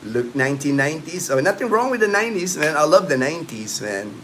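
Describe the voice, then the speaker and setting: A man's voice: on the high side, very animated, fast, fairly bright tone, a little hiss or hum. A man in his late fifties hosting a casual livestream, rambling loosely and answering viewers' comments. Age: late 50s. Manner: rambling, loose talk full of "you know" and "man". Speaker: livestream host. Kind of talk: casual live-stream chat with viewers. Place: at home in the Philippines.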